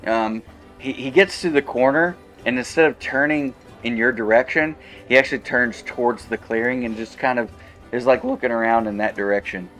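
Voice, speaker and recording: A man narrating a tabletop game as game master, halting often with fillers and little laughs. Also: mid-range voice, a bit bright, soft background music.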